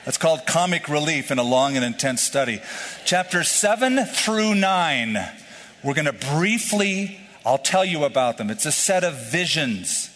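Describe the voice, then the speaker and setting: A man's voice: on the high side, animated, unhurried, a bit bright. A male pastor giving an expository sermon with a slightly raised voice. He explains the verses conversationally, breaking off for asides to his listeners. His voice rings out with a long reverb from a large hall.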